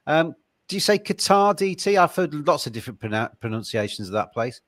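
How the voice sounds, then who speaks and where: A man's voice: a little high, very animated, fairly quick, a bit bright, dry recording. A man hosting a casual golf betting podcast, jokey and heavy on "um" and "uh" as he reads out odds. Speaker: podcast host.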